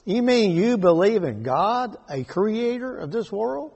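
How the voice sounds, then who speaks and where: A man leading a Bible study, reading verses and explaining them slowly and deliberately. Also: high-pitched, big pitch swings, vocal fry, darkish tone, husky, lo-fi sound. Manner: slow and deliberate, rereading scripture verses aloud. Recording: echoey hall with long reverb.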